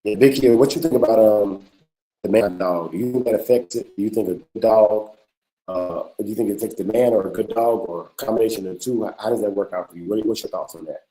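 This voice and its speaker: A man's voice: lowish voice, quick pace, mellow, poor audio. A man hosting a podcast livestream in a laid-back, slangy way, often repeating words. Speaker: podcast host. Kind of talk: casual livestream chat.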